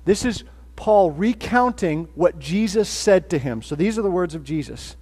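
Casual high-voiced man preaching in a hall. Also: lively intonation, normal speed, hardly any pauses, mellow. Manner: casual and joking, with many fillers and restarts. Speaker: pastor. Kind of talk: sermon. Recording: long hall reverb.

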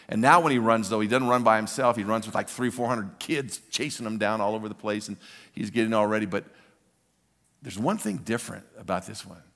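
A man preaching a sermon, telling a story with lively acted-out shouts and hummed music. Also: medium pitch, in a large hall. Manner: animated, acts out scenes with shouts and hummed theme.

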